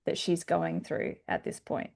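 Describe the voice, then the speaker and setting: A woman's voice: on the low side, expressive, a little slow, creaky, a little mellow. A woman hosting a podcast, talking in a thoughtful, hesitant way with fillers. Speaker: podcast host. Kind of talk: casual conversation.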